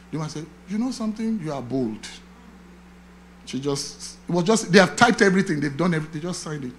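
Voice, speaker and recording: A man's voice: fairly high pitch, slight background noise. A man, a pastor preaching, telling a personal testimony with acted-out dialogue. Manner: animated storytelling, acting out dialogue, chanting affirmations. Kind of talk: sermon testimony.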